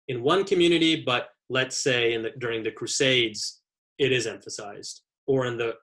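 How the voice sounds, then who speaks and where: A man giving an academic lecture, explaining ideas in a measured, methodical way. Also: mid-range voice, fairly bright tone. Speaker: guest lecturer.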